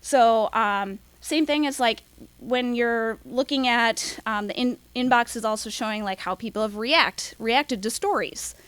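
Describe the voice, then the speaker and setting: A young woman giving a casual workshop talk, quick and full of "um"s and "like"s. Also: fairly high pitch, fairly bright tone, clean tone, dry recording. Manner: quick, filler-heavy, apologizes for talking fast. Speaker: workshop presenter.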